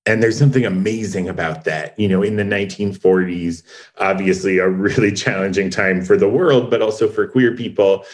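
A man's voice: lowish voice, fairly even intonation, fairly quick, rough recording. A man, a co-creator of a series, talking thoughtfully in a casual interview and often restarting his sentences.

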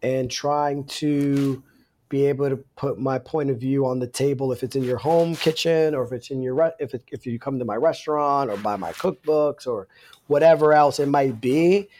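A man, a chef guest on a podcast, talking in a relaxed, casual way, often repeating himself while he thinks. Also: mid-range voice, normal speed, slight background noise. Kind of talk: casual interview chat.

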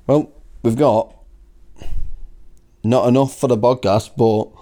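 A man's voice: mid-range voice, steady tone, slow pace, mellow. A man with a Wigan accent co-hosting a podcast in casual chat, swearing freely and laughing often. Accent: Wigan, Lancashire. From Wigan, England. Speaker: podcast co-host.

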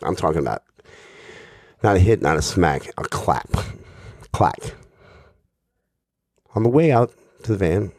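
In a deep, low voice with a slightly mellow, breathy edge, a man tells a rambling stand-up comedy story, swearing almost every line and mocking himself throughout. He's very animated yet unhurried, pausing often. The audio is close and dry, with no room echo.

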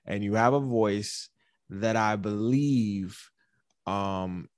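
A man hosting a podcast, excitable and swinging from loud hype to low mumbling asides. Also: slow, no echo, clean studio sound. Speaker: podcast host. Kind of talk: hyped casual podcast intro.

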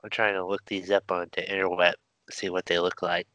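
Young man, bright crisp voice, dry sound, joking podcast co-host. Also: low-pitched, level tone, fairly quick, dry recording. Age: young adult. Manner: laid-back, joking, laughs often. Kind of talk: casual chat.

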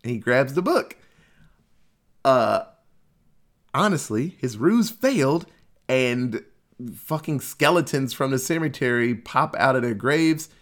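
Guy loosely retelling a movie, jokey, swears a lot, average pitch. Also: animated, slow pace, pauses often. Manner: loose and jokey, swears freely, laughs at the story. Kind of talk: casual movie plot recap.

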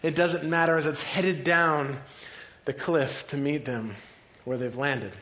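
A male preacher tells a scripture story as if it were a film, scene by scene. His voice sits high for a man, and he lingers on dramatic pauses. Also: fairly bright tone. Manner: vivid, cinematic retelling with dramatic pauses.

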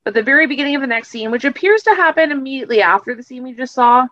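A woman's voice: sits high, expressive, racing, pushed and bright, dry recording. A woman co-hosting a podcast, retelling a TV episode in a casual, rambling way and correcting herself as she goes. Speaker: podcast co-host. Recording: dull lo-fi recording.

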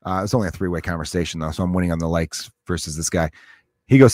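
A man's voice: sits low, quick pace, a little mellow, dry recording. A man, a parent, ranting in a sarcastic, profane, exasperated way as a comedic host. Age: adult parent. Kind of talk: comedic rant.

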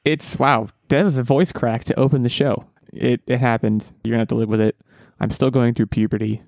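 A man in his thirties hosts a casual podcast, chatty and self-deprecating and often restarting his sentences. His voice sits at an ordinary pitch, and the sound is dry and close to the mic. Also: fairly even intonation, fairly quick, vocal fry, dark tone, no room sound. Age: 30s. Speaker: podcast host.

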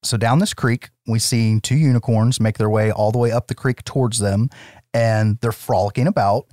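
A man from the United States co-hosting a casual film chat, animated, swearing and laughing often as he recaps the plot. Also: lowish voice, normal speed, no echo, studio quality. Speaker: podcast co-host.

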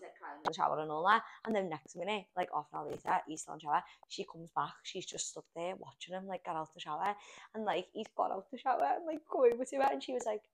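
A young woman talks fast in a loose podcast chat. Her voice sits a little low, and she keeps tossing in fillers and swear words. She rambles through the story as she tells it. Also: a bit bright, a little hiss or hum. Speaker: podcast co-host. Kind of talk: casual chat.

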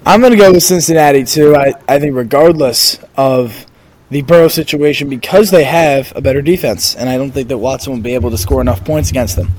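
A man's voice: medium pitch, brisk, a little mellow, rough recording. A man hosting a casual sports podcast, moving through the games and asking each co-host for a pick. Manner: runs the segment, calling on co-hosts for picks.

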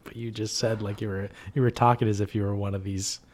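A man with a fairly low voice co-hosts a podcast in relaxed, casual chat. He fills his pauses with frequent ums. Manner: relaxed and chatty, with many ums. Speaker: podcast co-host.

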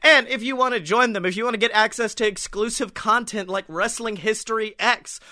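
Bright, high-voiced man telling stories. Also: fairly quick, dry recording, clean studio sound. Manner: animated storyteller, laughs while telling. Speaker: podcast host. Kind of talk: casual chat.

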